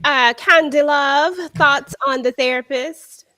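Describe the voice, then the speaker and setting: A woman's voice: sits high, steady tone, slow, bright, forceful tone, no echo. A woman hosting a casual panel discussion over a video call, chatty and putting questions to her co-hosts. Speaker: discussion host.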